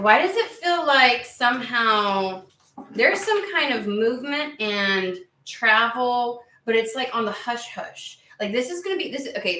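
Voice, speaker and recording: Bright, excitable woman reading tarot. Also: on the high side, reverberant, slight background noise, low-quality recording. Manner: chatty and excitable, swears freely, many fillers. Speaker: tarot reader. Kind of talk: casual tarot reading to camera.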